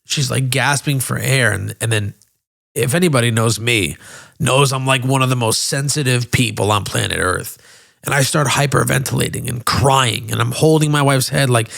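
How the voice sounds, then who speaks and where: A man's voice: medium pitch, a little fast, creaky, a bit bright. A man in his thirties hosting a podcast, telling a personal story in a candid, emotional way with frequent swearing. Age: 30s. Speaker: podcast host.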